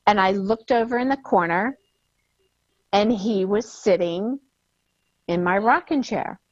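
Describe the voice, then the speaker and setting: A woman guest telling a personal story, emotional and halting, often repeating her words. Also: medium pitch, no echo. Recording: dull lo-fi sound.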